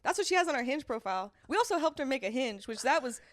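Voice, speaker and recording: Lively high-pitched young woman chatting. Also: quick pace. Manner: animated, laughing, swearing freely. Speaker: podcast co-host. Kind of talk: casual chat.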